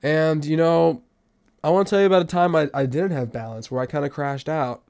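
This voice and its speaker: A young man hosting a podcast, telling stories in a casual monologue that swings from loud outbursts to low mutters. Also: steady tone, fairly quick, smooth. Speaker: podcast host.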